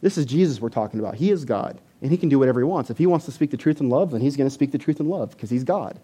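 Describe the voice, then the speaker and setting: A man preaching a sermon to a church audience, animated and emphatic, often repeating words. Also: mid-range voice, very fast, breathy edge.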